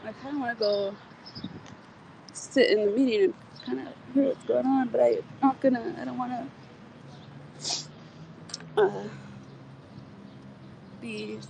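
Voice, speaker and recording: Outdoors in a community garden, a woman chats loosely on a livestream, laughing and cursing between long pauses. She speaks at a measured pace in a steady, creaky voice that sits a little high, with faint outdoor sounds in the background.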